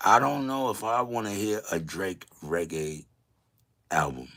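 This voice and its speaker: A man hosting a live online show, giving loud, profane, animated commentary. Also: fairly low pitch, unhurried. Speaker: host.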